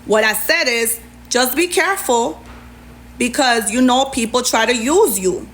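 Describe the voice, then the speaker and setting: A woman livestreamer venting to her chat in a sassy, animated way. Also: a little high, unhurried, a little hiss or hum. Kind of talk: venting on a live stream.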